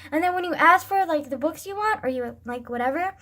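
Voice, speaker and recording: A young woman vlogging to her camera, rambling excitedly, laughing often and swearing a lot. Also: high-pitched, brisk. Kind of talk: casual rambling vlog.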